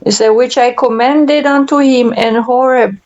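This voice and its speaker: A woman leading a group Bible study, reading scripture aloud in a slow, measured way. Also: a little high, fairly even intonation, a little mellow, muffled recording.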